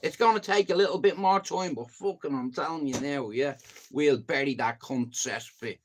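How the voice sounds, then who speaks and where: A man with a Dublin Irish accent ranting in a casual vlog, swearing freely and swinging between loud bursts and low mutters. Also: normal speed, slight background noise. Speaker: YouTuber.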